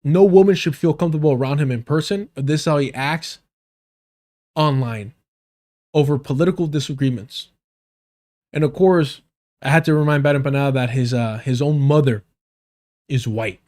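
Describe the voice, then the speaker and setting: A man's voice: a little high, normal speed, long pauses, dark tone. A man from the United States ranting as a livestream commentator, blunt and profane, repeating lines for emphasis. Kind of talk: heated commentary rant.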